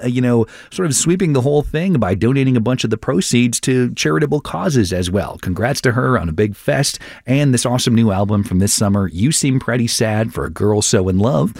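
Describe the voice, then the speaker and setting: A man's voice: mid-range voice, a little mellow, no echo, clean studio sound. A man hosting a radio chart countdown, running through the picks in an upbeat, conversational way with casual asides. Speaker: radio chart show host.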